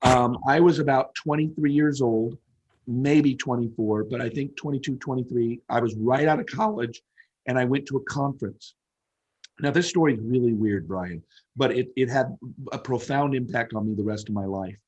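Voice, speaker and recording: A man's voice: mid-range voice, moderate pace, darkish tone, lo-fi sound. A man in his fifties, a guest speaker telling a story in an interview, emphatic and repeating phrases for effect. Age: 50s.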